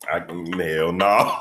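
A man's voice: deep voice, background noise. A man co-hosting a casual podcast, talking emphatically and cursing. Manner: emphatic, cursing, laughing along. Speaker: podcast co-host. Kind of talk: casual chat.

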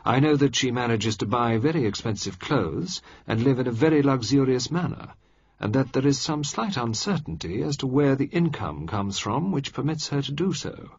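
A shrewd older minister, as a male narrator puts him on, weighing each word with dry, deliberate precision. The husky voice sits in a dry, slightly dull recording. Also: medium pitch, lively intonation, voice pushed up. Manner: dry, measured and decisive.

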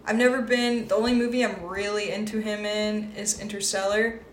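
A woman co-hosting a podcast in casual chat, animated and loose, swearing casually. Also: medium pitch, a little fast. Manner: animated, swears casually, mimics voices when retelling. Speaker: podcast co-host. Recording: echoey room with faint noise.

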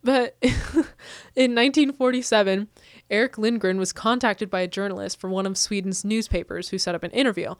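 A woman co-hosting a podcast, chatting casually and piling on fillers as she tells a story. She sits at a middle pitch for a woman. The room gives almost no echo. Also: brisk, few pauses, studio quality. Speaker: podcast co-host. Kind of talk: casual chat.

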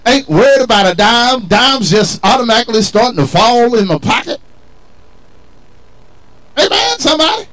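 Male preacher, high and expressive, emphatic colloquial sermon delivery. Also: low-quality recording. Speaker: pastor.

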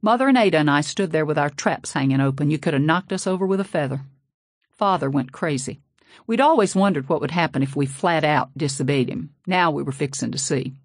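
A woman's voice: deep voice, lively intonation, fairly quick, no echo, studio quality. A woman narrating a novel in a folksy, sassy first-person voice. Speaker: audiobook narrator. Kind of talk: scripted narration.

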